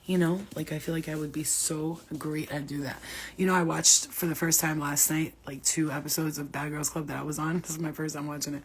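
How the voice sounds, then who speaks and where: A woman's voice: deep voice, level tone, brisk, a little hiss or hum. A woman, a spiritual healer, rambling and swearing freely in casual chat with her viewers.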